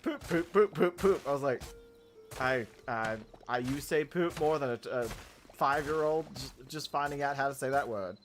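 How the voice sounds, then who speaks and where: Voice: medium pitch, normal speed, fairly bright tone, soft background music. A gaming YouTuber chatting casually over gameplay, telling a rambling story full of fillers and restarts, with goofy asides and giggles.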